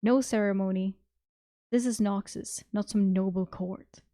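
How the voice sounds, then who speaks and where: A woman reading aloud, voicing a gruff, blunt middle-aged male warlord of common birth with curt, growling lines. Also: mid-range voice, fairly even intonation, a little slow, warm tone, dry recording, studio quality, lightly acted.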